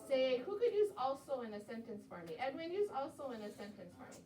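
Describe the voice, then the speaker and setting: A woman teaching young children to spell, with a high, encouraging voice as she sounds out each word slowly. She is picked up from across an echoing classroom, distant from the mic. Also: very animated, darkish tone. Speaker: second-grade teacher. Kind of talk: classroom phonics lesson. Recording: roomy classroom audio from a distance.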